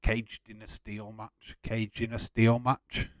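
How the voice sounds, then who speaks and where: Slow-talking man with a dry sound. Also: on the low side, little pitch movement, no echo. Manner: chatty, laughs often, lots of fillers. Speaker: watch-along host. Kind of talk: casual live-stream chat.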